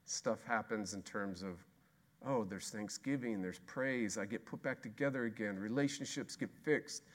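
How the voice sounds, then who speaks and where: A man preaching a sermon as pastor, emphatic and repetitive, swinging between loud exclamation and hushed intensity. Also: medium pitch. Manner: repetitive rhetorical questions.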